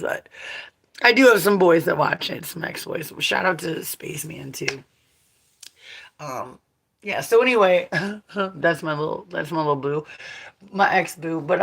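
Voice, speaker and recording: Vlogger, woman, 40s: bright voice, crude and candid, rambling chat with frequent laughs. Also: low-pitched, creaky. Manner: profane, blunt, laughs often. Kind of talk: casual rambling monologue.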